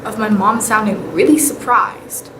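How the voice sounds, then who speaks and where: A young woman vlogger telling paranormal stories in a casual, animated way. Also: mid-range voice, a little slow. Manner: chatty, animated, with whispered asides. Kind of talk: casual storytelling. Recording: echoey room with clear background noise.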